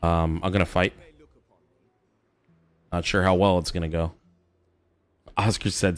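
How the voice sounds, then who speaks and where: A man's voice: low voice, level tone, a little slow, no echo. A young adult man hosting a game stream, chatting casually in a laid-back way and swearing freely as he reacts to the game. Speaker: streamer host. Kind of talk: casual chat while gaming.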